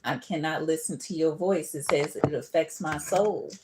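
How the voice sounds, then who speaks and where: Woman, tarot reader, chatty, laughs a lot, lowish voice, faint background noise. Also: normal speed. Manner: chatty, laughs often, calls listeners boo and baby. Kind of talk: casual tarot reading livestream.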